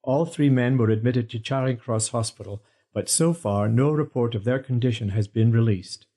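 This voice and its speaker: A man's voice: medium pitch, normal speed, warm tone, natural voice. A man voicing a formal studio newsreader in an audiobook. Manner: formal broadcast delivery.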